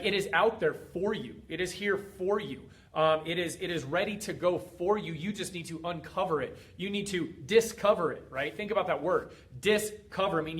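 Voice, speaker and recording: A middle-aged man with a high, somewhat bright voice runs a motivational livestream as a fitness coach and group host. He preaches emphatically and repeats himself.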